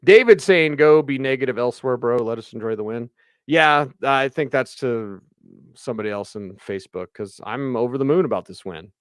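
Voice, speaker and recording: Male sports radio host, excitable and chatty, smooth clear voice, dry close mic. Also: mid-range voice, no echo. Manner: excitable, chatty, fast bursts. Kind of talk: live postgame show reading viewer comments.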